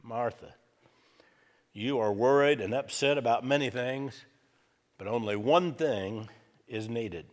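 A man speaking as a calm, patient teacher, slow and measured, in a reverberant hall. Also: medium pitch, lightly acted. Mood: gentle.

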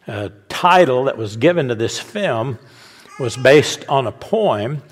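A man's voice: mid-range voice, a bit bright, in a large hall. A man giving an informal Bible teaching sermon, talking conversationally, restarting phrases and chuckling at his own asides.

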